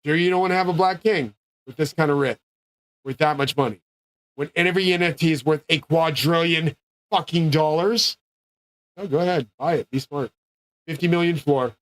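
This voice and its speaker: A man's voice: a little high, steady tone, brisk, no echo. A man delivering a rambling solo monologue, ranting in a profane, grandiose way. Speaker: streamer.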